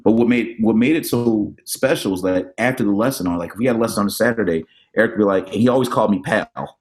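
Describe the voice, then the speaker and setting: A middle-aged man, a drummer and educator, telling animated stories about his mentors as a podcast guest and acting out the voices of the people he quotes. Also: fairly low pitch, fast talker. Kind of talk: casual storytelling interview.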